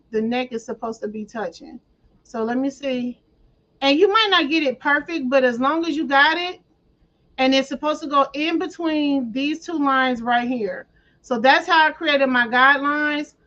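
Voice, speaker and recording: At a moderate pace and with a fairly bright tone, a high-voiced woman talks viewers through a craft project click by click on screen share. She's casual and uses playful slang, clearing her throat often, and the recording sounds dull and lo-fi.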